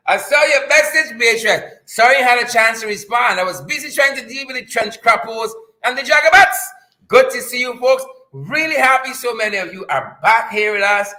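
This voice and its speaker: A man's voice: very high-pitched, lively intonation, moderate pace, bright, forceful tone, low-quality recording. A man with a Guyanese accent hosting a live-stream news show, jokey and hyped-up, repeating his lines for effect.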